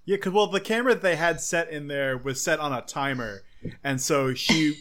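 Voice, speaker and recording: A man's voice: fairly high pitch, moderate pace, a bit bright. A man chatting casually on a podcast in a playful, laughing way. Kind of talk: casual chat.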